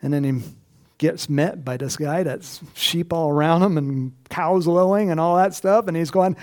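At a normal speed, a pastor with a fairly high, slightly mellow voice delivers a casual sermon. He tells it as a story, acting out Bible characters in voices and often addressing his congregation directly.

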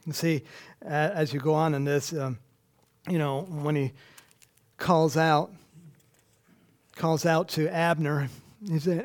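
Male pastor, loose chatty sermon, jokes at his own expense, a bit high-pitched. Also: steady tone, slow, pauses often. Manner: chatty, self-deprecating, laughs often. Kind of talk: conversational sermon.

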